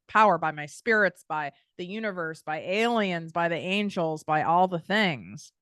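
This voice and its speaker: A woman with an American accent, a podcast host and business coach, gives a blunt, casual motivational talk packed with swearing and tangents. Her low-pitched voice is smooth and a bit bright, in a dry, studio-quality recording.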